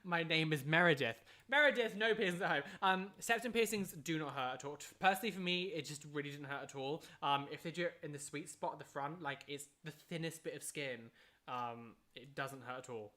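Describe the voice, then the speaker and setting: A live streamer in casual chat, reading and answering viewer questions, chatty and excitable, humming little tunes between answers. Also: medium pitch, brisk. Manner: chatty and excitable, hums filler tunes, laughs often.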